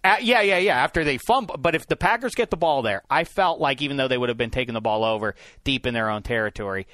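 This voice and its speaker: A man's voice: medium pitch, fast, bright, forceful tone, no room sound, studio quality. A man hosting a sports podcast in casual, jokey chat, rambling with frequent restarts. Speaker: podcast host.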